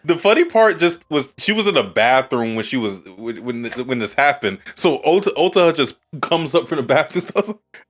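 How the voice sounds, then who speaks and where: Lively man reading viewer questions. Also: medium pitch, normal speed, few pauses. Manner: reads viewer questions, leads segments, laughs along. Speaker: podcast co-host. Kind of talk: casual anime review chat.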